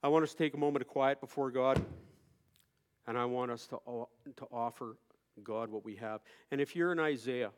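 A male pastor preaching a sermon, moving from quiet storytelling to loud, impassioned preaching. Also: mid-range voice, normal speed, clear, resonant tone.

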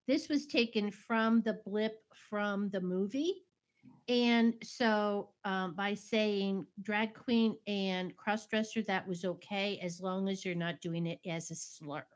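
A woman co-hosting a casual podcast, reading a film synopsis and adding earnest asides to listeners. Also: mid-range voice. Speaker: podcast co-host. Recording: dull lo-fi recording.

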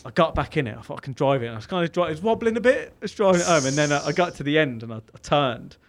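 A man's voice: on the high side, expressive, very fast. A young man with a Birmingham accent, telling a long sweary story on a casual podcast and acting out both sides of it. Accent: Birmingham English. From England. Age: young adult. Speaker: podcast co-host.

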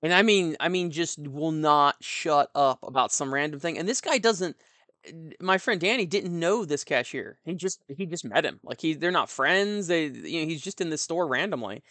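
A young man talks in a loose, rambling monologue, frank and a little animated as he drifts into asides. His voice sits a bit high for a man, and the sound is dry and close with no room around it. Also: normal speed, no echo. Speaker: tabletop gaming commentator. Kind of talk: casual monologue.

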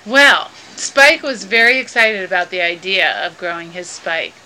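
A woman's voice: fairly low pitch, measured pace, bright, forceful tone, slight background noise, rough recording. A woman improvising a playful children's story about animals, in a lilting storytelling manner.

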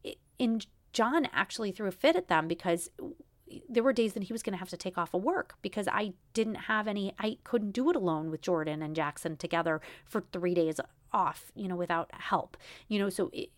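A woman in her thirties vents on her own podcast in a frustrated way and often restarts her sentences. Her voice sits at a middle pitch. The sound is dry and close. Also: brisk, no room sound. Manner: frustrated, venting, repetitive restarts. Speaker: podcast host. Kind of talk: solo podcast monologue.

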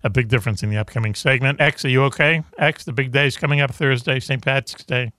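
A man's voice: medium pitch, fairly even intonation, fast, pushed and bright, dry recording, studio quality. A man hosting a radio talk show in a rambling, jokey way, often tripping over his words. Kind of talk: casual radio chat.

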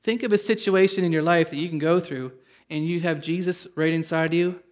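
A man's voice: on the high side, steady tone, brisk. A man pastor preaching a sermon at a church service. He reads scripture aloud, explains it in plain words, and calls on the congregation for an amen.

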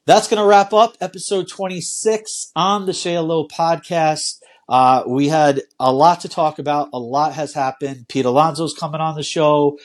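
A man hosting a casual podcast, easygoing and quick to laugh, often restarting his sentences. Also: fairly high pitch, fairly even intonation. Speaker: podcast host.

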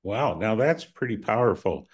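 A man hosting a podcast, asking his guest questions in a measured, deliberate way. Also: on the low side, lively intonation. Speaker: podcast host. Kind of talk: interview questions.

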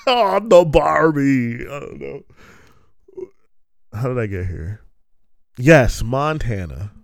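Male podcast host, unhurried delivery, smooth resonant voice, animated and profane comic riffing. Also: mid-range voice, no echo, clean studio sound. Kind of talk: rambling comic monologue.

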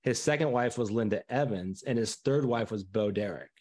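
A man's voice: medium pitch, normal speed, a little mellow. Man co-host sharing trivia. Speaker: podcast co-host. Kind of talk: casual chat.

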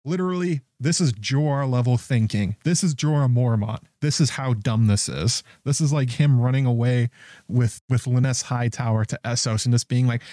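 Guy rambling through a tv recap, keeps laughing in disbelief, warm mellow voice. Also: mid-range voice, moderate pace, no echo, clean studio sound. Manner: incredulous, chuckling, rambling with restarts. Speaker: show recap host. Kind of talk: casual TV recap commentary.

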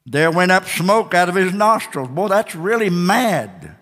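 High-voiced, fervent man preaching in a reverberant church. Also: big pitch swings, a little slow, fairly bright tone. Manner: emphatic, repetitive preaching with whooping exclamations. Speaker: pastor. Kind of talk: Sunday night sermon.

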